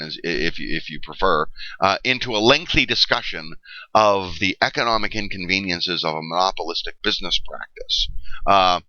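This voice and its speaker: A man's voice: fairly low pitch, sharp tone, no room sound. A middle-aged man giving a history lecture, explaining step by step with frequent fillers and checks of "okay?". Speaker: history teacher. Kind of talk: classroom lecture. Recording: dull lo-fi dry recording.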